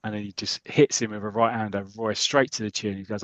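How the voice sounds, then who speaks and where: A man's voice: lowish voice, fast, dry recording. A British man co-hosting a podcast, casually and animatedly retelling a comic story. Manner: animated storyteller, acts out the lines. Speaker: podcast co-host.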